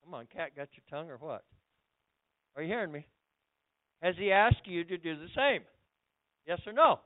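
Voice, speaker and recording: An older man preaching as a pastor in a church, excitable, with loud bursts and repeated words. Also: on the high side, moderate pace. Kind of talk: lively church sermon. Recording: phone-like lo-fi recording.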